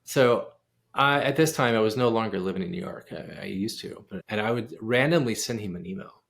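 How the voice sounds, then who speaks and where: Gravelly-voiced man telling an animated story. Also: lowish voice, a little fast. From United States. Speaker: guest pianist and composer. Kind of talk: storytelling in a casual interview.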